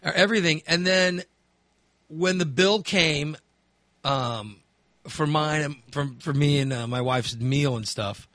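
A man's voice: fairly high pitch, measured pace, sharp tone, no echo. A man in his fifties, hosting and telling a candid, rambling story in casual chat. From Texas. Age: 50s. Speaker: host.

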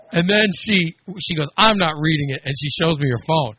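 A man's voice: on the high side, lively intonation, fairly quick, few pauses, husky, no echo, lo-fi sound. A man on a podcast telling a story in a casual chat, acting out the quoted lines and laughing as he goes. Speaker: podcast co-host.

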